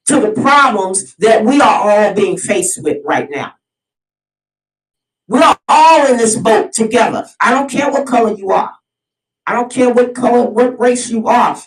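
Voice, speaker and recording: A woman delivering an impassioned solo monologue as host of her own video series, preachy and fired up, often repeating and restarting her phrases. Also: a little high. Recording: roomy sound, mic at a distance.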